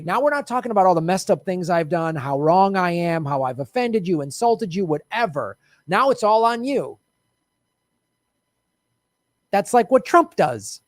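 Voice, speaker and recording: A man's voice: high-pitched, expressive, fairly quick, hardly any pauses, no echo. A man ranting about politics with a raised, frustrated voice and a sarcastic edge. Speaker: political commentator. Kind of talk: ranting monologue.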